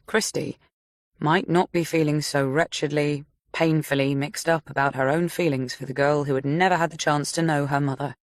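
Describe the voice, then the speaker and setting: A woman narrating a story audiobook in a measured, steady reading voice. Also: low voice, no echo, clean studio sound. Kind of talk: scripted narration.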